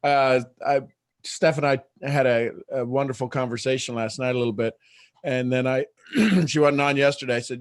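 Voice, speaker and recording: A man hosting a casual morning livestream, talking in an animated way and laughing often. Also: medium pitch, moderate pace. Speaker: host.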